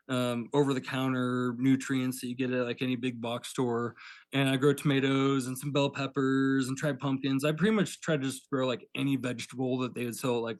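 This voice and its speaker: A man's voice: medium pitch, dry recording. Guy on a garden podcast rambling on, tons of "like"s, acts out convos, super dry sound. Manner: rambling, filler-heavy, retells with quoted dialogue. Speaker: guest, pepper farmer. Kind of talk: casual podcast chat.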